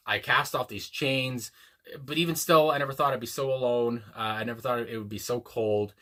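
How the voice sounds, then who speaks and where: A man hosting a music reaction video, talking casually and reflectively with many pauses and fillers, reading lyrics aloud slowly. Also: medium pitch, steady tone, bright, forceful tone. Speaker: music reaction channel host. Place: home room, a dog nearby.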